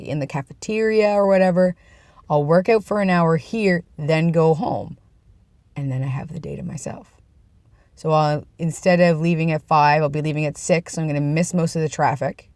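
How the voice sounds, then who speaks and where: A man's voice: fairly high pitch, no room sound. A young man vlogging in a casual, rambling way, with self-deprecating asides, talking from his workplace. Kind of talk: casual chat.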